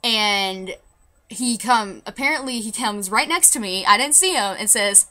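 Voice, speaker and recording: A woman's voice: on the high side, moderate pace, bright, forceful tone. A young woman telling a story to camera in a casual vlog, rambling with many restarts and fillers. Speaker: vlogger.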